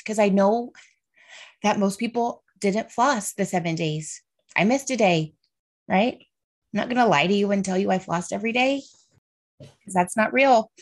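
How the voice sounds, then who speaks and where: A woman in her thirties hosting a casual solo podcast, earnest and heartfelt, speaking openly about faith and feelings and often checking in with "right?" and "okay". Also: medium pitch. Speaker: podcast host.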